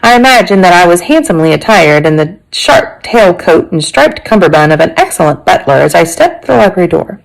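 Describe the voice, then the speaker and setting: A woman teacher reading a chapter book aloud to her class. Her voice is lively and full of rise and fall, and she breaks off for friendly asides to her listeners. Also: fairly low pitch, brisk, vocal fry, hardly any pauses, poor audio.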